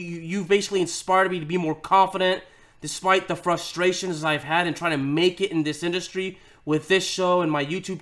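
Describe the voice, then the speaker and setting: A man's voice: on the high side, a bit bright. A man of thirty hosting his own podcast, talking in a rambling, emotional way and often repeating words. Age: 30s. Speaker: podcast host. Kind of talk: heartfelt casual monologue.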